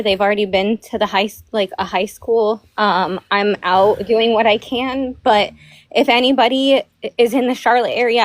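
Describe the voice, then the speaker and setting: A woman calling in to a talk show, upset and near tears, speaking urgently in halting phrases. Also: fairly high pitch, dry recording. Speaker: caller. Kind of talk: phone-in call. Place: North Carolina.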